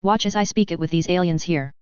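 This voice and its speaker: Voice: medium pitch, quick pace, darkish tone, clean tone, no room sound, muffled recording, natural voice. A narrator voicing a proud, brutish female Krogan warrior who talks bluntly and formally. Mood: gruff.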